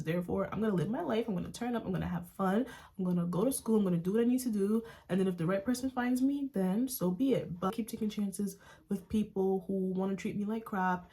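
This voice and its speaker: A woman's voice: fairly low pitch, dark tone. A young woman from the United States telling a personal story to her viewers in a casual, chatty way, saying "like" constantly and calling them y'all. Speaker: vlogger.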